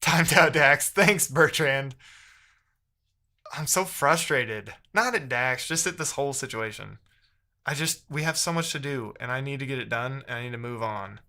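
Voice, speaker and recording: A man's voice: mid-range voice, normal speed, sharp tone. A man live-streaming while he codes, talking casually and reading the chat aloud in a frustrated, muttering way.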